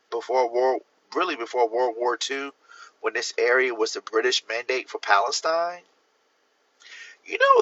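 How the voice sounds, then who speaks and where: A man's voice: medium pitch, a bit bright, dull audio. A man hosting a livestream, giving blunt, opinionated views and talking straight to his viewers. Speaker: livestream host. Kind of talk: casual livestream talk.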